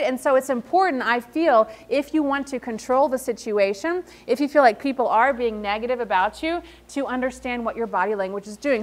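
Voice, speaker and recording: Upbeat woman giving a motivational talk. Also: fairly high pitch. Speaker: invited speaker at an entrepreneurship event. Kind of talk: motivational talk to a live audience. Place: event hall in front of an audience.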